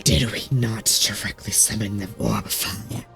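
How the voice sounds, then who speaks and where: A man doing a gravelly scornful ancient ruler. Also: lowish voice, fairly even intonation, normal speed, a bit bright, soft background music, voice pushed down. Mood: menacing. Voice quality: gravelly strained put-on voice. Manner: hissing half-whispered villain delivery. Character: arrogant ancient male ruler, scornful and preachy. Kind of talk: reading game dialogue aloud in character.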